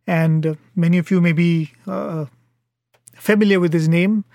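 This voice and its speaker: A man giving a devotional talk, telling a story in an earnest, unhurried way. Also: high voice, fairly even intonation, vocal fry, a little mellow, dry recording, studio quality. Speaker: devotional speaker.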